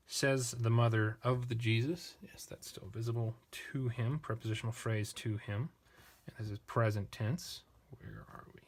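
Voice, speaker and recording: A man hosting a lesson, walking patiently and methodically through a text and thinking aloud with small pauses and restarts. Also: on the low side. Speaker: language teacher; channel host. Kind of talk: screen-share lesson comparing texts.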